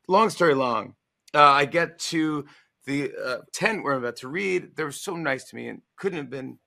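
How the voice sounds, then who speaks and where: A man in his forties casually telling a funny anecdote, acting out the voices of the people he quotes. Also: mid-range voice. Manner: animated storyteller, acts out quoted voices. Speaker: talk show guest, author. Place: promotional livestream interview.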